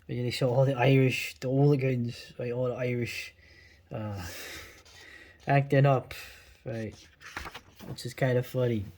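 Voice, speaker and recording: A man's voice: mid-range voice, flat delivery, measured pace, long pauses, a little mellow. A man in his forties with a New York accent, talking through old cartoons in a rambling, blunt way full of asides and tag questions. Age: 40s. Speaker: video host. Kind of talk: casual commentary.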